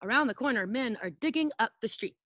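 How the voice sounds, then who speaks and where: A woman's voice: on the high side, expressive, fast, a bit bright, no echo. A woman preschool teacher reading a picture book aloud to children over a video call, playfully acting out sound effects and asking them to join in.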